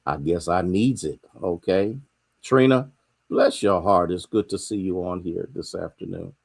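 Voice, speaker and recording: A man's voice: low voice, a little slow, vocal fry, a little mellow, slightly rough. A man with an American accent, a pastor giving a casual, conversational midweek sermon on a livestream, greeting online viewers by name.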